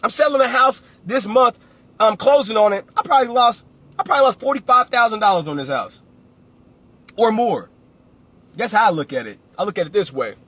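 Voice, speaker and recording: A man's voice: sits high, lively intonation, fairly quick, pushed and bright, husky. A man, a real estate coach giving a blunt, preachy motivational talk on a livestream and repeating phrases for emphasis.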